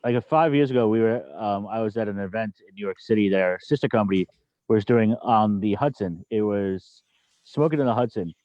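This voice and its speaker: A man from the cigar industry speaking on a video call in a casual, reflective and unhurried way. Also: on the low side, no echo. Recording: dull video-call audio.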